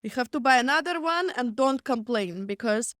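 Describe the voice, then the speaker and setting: A bossy, matter-of-fact young Russian woman lays down her demands without any apology, as a woman acts her out. The voice sits fairly high, and the sound is dry. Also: animated, normal speed, fairly bright tone, no echo. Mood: demanding.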